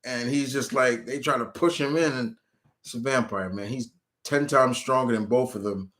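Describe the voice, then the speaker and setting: A man's voice: mid-range voice, normal speed, fairly bright tone. Man, live-stream host, casual chat, rambling, lots of restarts, mid-range voice. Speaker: channel host answering viewer questions.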